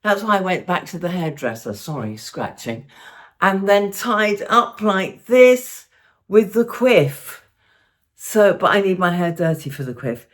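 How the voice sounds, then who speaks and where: A woman's voice: lowish voice, very animated, a little slow, reverberant. An older woman chatting casually in her home vlog, talking to her viewers in a friendly, self-deprecating way. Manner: chatty, warm-hearted, a little self-deprecating. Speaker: lifestyle vlogger. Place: at home indoors.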